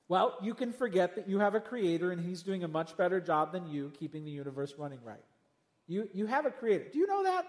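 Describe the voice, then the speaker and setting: High-voiced preacher in an echoing hall. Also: male voice. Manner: animated, rhetorical questions, humorous asides. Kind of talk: sermon. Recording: long hall reverb.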